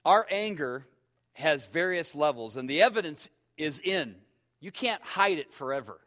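A pastor preaching a sermon in a high, bright voice. He tells stories with energy, dropping to a hush and then rising to loud, sharp outbursts. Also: normal speed. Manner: animated storyteller, swings between hushed and shouting.

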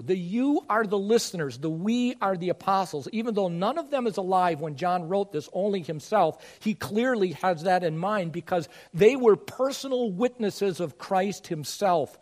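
A pastor delivering a sermon in a notably high-pitched male voice. He talks earnestly and grows emphatic as he presses his points home. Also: lively intonation, moderate pace, hardly any pauses, a little mellow. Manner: earnest, rising to emphatic preaching.

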